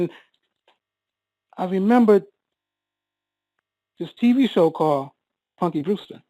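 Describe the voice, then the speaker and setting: A man's voice: high-pitched, expressive, warm tone, dry recording, low-quality recording. Emotional man telling a personal story. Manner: halting, repeats words, voice rises when reliving panic.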